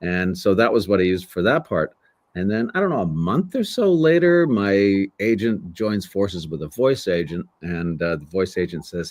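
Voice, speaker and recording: Older male voice actor, low voice, dry close sound, lively anecdotal storyteller. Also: normal speed, dry recording. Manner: animated storyteller who acts out voices. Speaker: voice actor guest. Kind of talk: casual interview storytelling.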